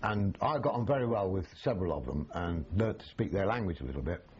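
An older man, recalling his army days in an animated, storytelling way, full of restarts. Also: low-pitched, quick pace, muffled recording, a little hiss or hum. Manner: animated, acts out quoted voices, frequent restarts. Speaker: army veteran interviewee. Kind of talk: storytelling reminiscence.

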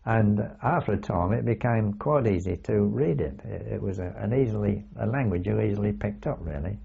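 Older guy rambling through old war memories, deep and husky, dull lo-fi tape. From England. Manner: rambling, frequent "you see" asides, halting restarts. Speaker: veteran recalling wartime. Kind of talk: oral history recollection. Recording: dull lo-fi recording.

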